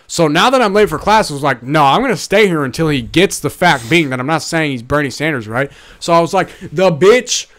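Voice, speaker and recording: A man's voice: fairly high pitch, fairly quick, few pauses. A young man co-hosting a podcast, telling a story in casual, profane chat and acting out the people in it. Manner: profane, animated, mimics people in anecdotes. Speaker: podcast co-host.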